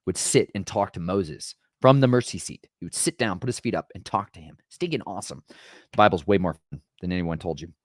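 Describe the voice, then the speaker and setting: A man with a lowish voice retells scripture like a casual chat, dramatic and emphatic, tossing in "right?" every few lines. The sound is dry and close. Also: no room sound. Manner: conversational, keeps asking "right?". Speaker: podcast host. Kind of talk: casual Bible storytelling.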